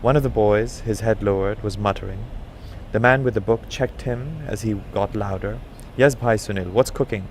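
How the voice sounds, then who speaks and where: Low-voiced man reading a story. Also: moderate pace, slight background noise. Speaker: narrator.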